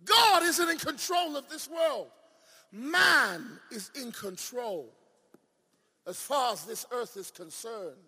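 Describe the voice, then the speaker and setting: A man preaching with a very high, ringing voice that cuts through the space. He jumps from shouted declarations to hushed, stretched-out asides and keeps firing questions at the audience. A long hall reverb trails every phrase. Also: animated, breathy edge. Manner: swings from shouted declarations to low, drawn-out asides; asks the audience questions and leans on repetition. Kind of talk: sermon.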